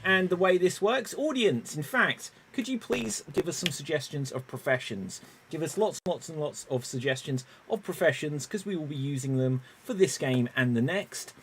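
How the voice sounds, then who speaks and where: A man hosts an improv comedy stream, his voice sitting a little high. He is upbeat and brisk, setting up games and calling on players. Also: animated, a bit bright, a little hiss or hum. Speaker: improv show host.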